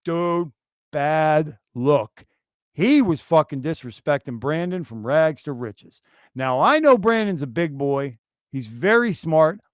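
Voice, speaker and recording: A man's voice: on the high side, very animated, slow, no echo, studio quality. A man co-hosting a casual crypto livestream, ranting profanely and animatedly, often slipping into mocking impressions of others. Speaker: co-host. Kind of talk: casual crypto stream chat.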